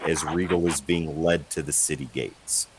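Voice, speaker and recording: Deep-voiced man running a tabletop game. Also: fairly even intonation, moderate pace, background noise. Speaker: game master.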